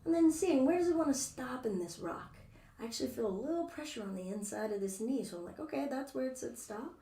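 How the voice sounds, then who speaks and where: A woman's voice: a little high, lively intonation, fast talker, dark tone, a little hiss or hum. Chatty woman leading a yoga class. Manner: chatty and playful, narrating her own movements. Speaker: yoga instructor. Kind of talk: live-streamed yoga class. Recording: echoey room, distant mic.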